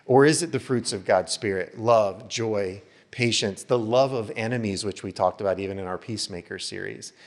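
A man's voice: on the low side, moderate pace, few pauses. A male pastor giving an earnest sermon to a small church, full of rhetorical questions and lists.

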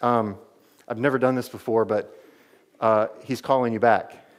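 A man voicing a shy angel messenger in a sermon story, talking haltingly with fillers. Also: medium pitch, steady tone, lightly acted. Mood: sheepish. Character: hesitant first-time angel messenger.

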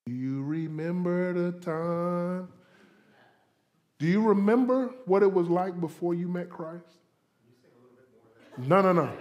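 A Florida pastor with a strikingly high yet somewhat dark voice preaches a sermon. He addresses the congregation loosely and conversationally, acting out inner voices and tossing in playful asides.

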